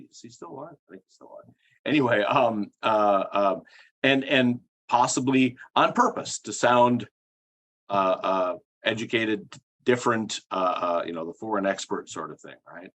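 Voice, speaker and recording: Halting middle-aged man, low voice. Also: a bit bright. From Minnesota. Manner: hesitant, many fillers and restarts. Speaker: guest, psycholinguistics professor. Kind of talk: explanatory interview talk.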